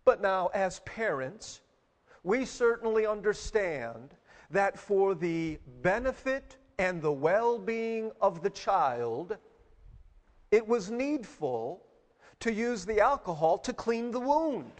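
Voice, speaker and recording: A male pastor preaching a sermon, telling a story with pauses and fillers before building to emphatic preaching. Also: sits high, very animated, big-room sound.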